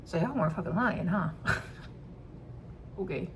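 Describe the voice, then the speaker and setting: A woman telling a personal story to camera in a casual vlog, candid and quick to swear and laugh. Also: fairly low pitch, expressive, a little hiss or hum. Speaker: vlogger.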